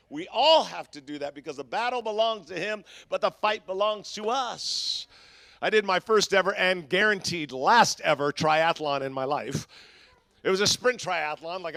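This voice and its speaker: A high, forceful male voice preaches a sermon with a gravelly edge, dropping from loud shouts to hushed asides in a chatty, filler-laden way. The sound is dry and close, with no room around it. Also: dry recording. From Southern California. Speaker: pastor.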